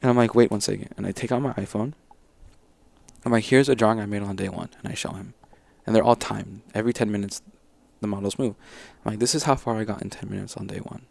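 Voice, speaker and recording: A man's voice: on the low side, fairly even intonation, fast talker, vocal fry, a little mellow, dry recording. A man telling his story casually as an interview guest, rambling and acting out what his teachers said. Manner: rambling, acts out teachers' lines.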